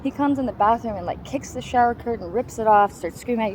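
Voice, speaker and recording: A woman's voice: on the high side, fast, darkish tone, a little hiss or hum, low-quality recording. A woman giving a raw, personal account of surviving an attack, in a blunt and heavily profane way. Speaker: survivor telling her story.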